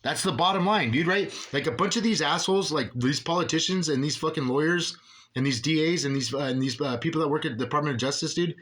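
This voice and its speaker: A man with a somewhat high, slightly bright voice rants quickly as an aggrieved father angry at officials. His profane, agitated monologue rambles and keeps restarting.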